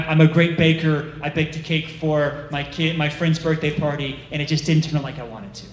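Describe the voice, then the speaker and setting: Guy preaching, chatty and animated, acts out inner voices, kinda high voice, roomy echo. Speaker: director of a ministry, preacher. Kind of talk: sermon.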